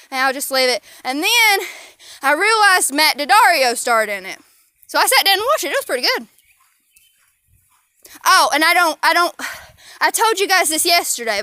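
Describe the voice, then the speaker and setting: A young woman chats into a handheld phone while she walks outside with her dog. She rambles and gets sidetracked easily, and her high, bright voice sounds close and dry. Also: no room sound. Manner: rambling, chatty, easily distracted. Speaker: vlogger. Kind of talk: casual chat. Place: outdoors, walking with her dog.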